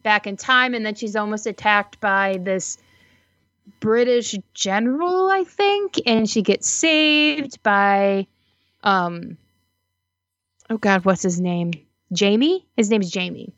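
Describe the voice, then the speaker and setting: A woman co-hosting a podcast in casual chat, animated and giggly, with drawn-out reactions. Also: medium pitch, no echo. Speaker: podcast co-host. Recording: slightly dull, dry recording.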